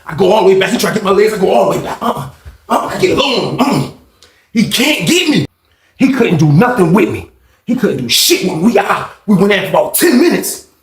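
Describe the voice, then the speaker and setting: A man telling a story in casual chat, animated and profane, full of street slang and vocal sound effects. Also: sits high, fast. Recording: roomy echo.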